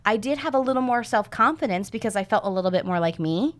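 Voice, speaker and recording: A woman's voice: medium pitch, fast talker. Woman in her thirties telling stories. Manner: lively storyteller who acts out what others said. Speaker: guest coach. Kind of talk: casual podcast interview.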